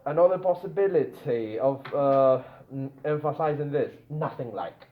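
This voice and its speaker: A man teaching a grammar lesson to a class, often checking in with the students and drawing out his example words slowly. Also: mid-range voice, animated. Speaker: English teacher. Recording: dull lo-fi classroom recording with room echo.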